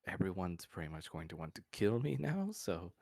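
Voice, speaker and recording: A man's voice: low voice, sing-song, brisk, creaky, a little mellow, dry recording, clean studio sound, heavily acted. A man voicing a nervous, embarrassed young male half-demon who talks hesitantly in a tabletop game. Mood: sheepish. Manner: hesitant, mumbling.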